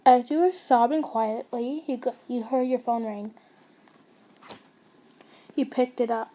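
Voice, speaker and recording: A woman's voice: fairly high pitch, unhurried, warm tone. A young woman narrating a fan fiction story casually, stumbling and restarting, with chatty asides to her listeners.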